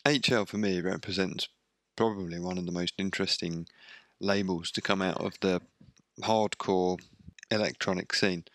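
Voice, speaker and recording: A man hosts a radio show in a deep, low voice. He rambles casually and pokes fun at himself, with plenty of fillers. The studio sound is dry and close, with no room echo. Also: fairly even intonation, moderate pace. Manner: rambling, self-deprecating, many fillers.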